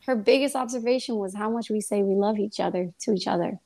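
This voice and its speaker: A woman's voice: mid-range voice, quick pace, gravelly. Young woman telling a heartfelt story. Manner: lively storytelling, acts out quoted dialogue. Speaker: guest. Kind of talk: casual faith testimony.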